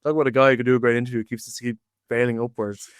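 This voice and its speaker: A man's voice: mid-range voice, flat delivery, racing, clean tone, dry recording, clean studio sound. An Irish man hosting a sports podcast, chatting casually and jumping animatedly between points. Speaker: podcast host.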